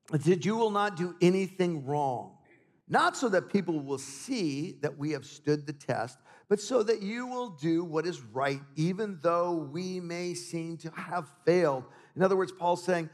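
Joking preacher with a fairly high voice. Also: male voice. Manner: animated, joking storyteller. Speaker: guest preacher. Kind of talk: sermon with personal stories and humor. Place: church sanctuary. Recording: reverberant church hall.

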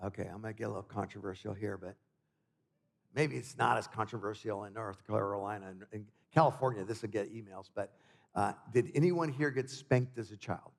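A man preaching a sermon as a visiting pastor, an animated storyteller who mixes scripture with jokes and family anecdotes. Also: lowish voice, brisk, gravelly. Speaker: guest preacher. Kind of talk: sermon with personal stories and humor. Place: church sanctuary. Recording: reverberant church hall.

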